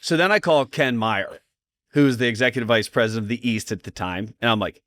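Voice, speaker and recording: A man from the US East Coast, a podcast guest telling a story in a blunt, animated way and acting out the dialogue. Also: medium pitch, fast, dry recording. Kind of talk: casual storytelling chat.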